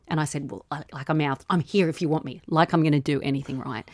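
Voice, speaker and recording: Woman, 40s, Australian accent, lowish voice, dry close sound, lively storyteller. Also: fast, hardly any pauses, dry recording. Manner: animated storyteller, laughs often. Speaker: comedian guest. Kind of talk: casual podcast chat.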